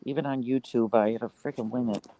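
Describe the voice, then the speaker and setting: A man's voice: medium pitch, steady tone, fast, dark tone, slight background noise, poor audio. A man co-hosting a casual livestream, tired and sighing, telling easygoing stories. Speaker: livestream co-host.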